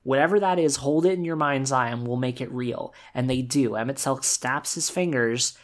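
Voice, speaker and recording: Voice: mid-range voice, moderate pace. A podcast co-host in casual chat who gushes with enthusiasm and swears freely. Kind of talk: casual game discussion.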